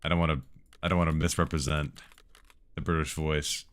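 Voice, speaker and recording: A man's voice: a bass voice, level tone, a little fast, clean tone. A man casually streaming a game, chatting and answering viewers' tech questions while he plays. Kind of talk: casual live-stream commentary.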